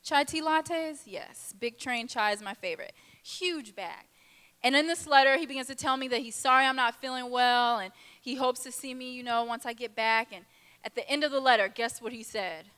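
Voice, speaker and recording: A young woman speaking at a girls' conference, telling a lively personal story and acting out the people in it. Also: sits high, normal speed, smooth. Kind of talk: testimony talk to a youth audience. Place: large conference hall. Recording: reverberant hall.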